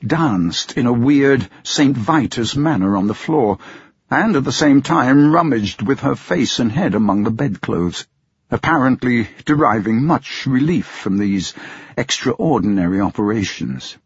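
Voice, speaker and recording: A man reading an audiobook narration in a measured storytelling manner. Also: medium pitch, lively intonation, slightly rough, dry recording. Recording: dull lo-fi sound.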